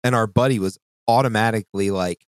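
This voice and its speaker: A man co-hosting a podcast in casual chat, animated and profane, often jumping into mock voices. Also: fairly quick, clear, resonant tone, no room sound. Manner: animated, swearing, mimics voices with big pitch jumps. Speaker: podcast co-host.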